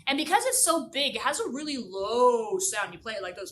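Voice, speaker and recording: Animated high-voiced woman telling a children's story. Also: fairly quick, distant mic, slight background noise. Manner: animated, with sung sound effects and exaggerated exclamations.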